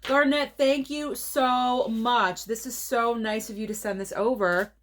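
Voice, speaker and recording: A woman hosting a movie channel, chatting casually through an unboxing vlog, gushing and excitable, with gasps of delight. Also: on the high side, unhurried.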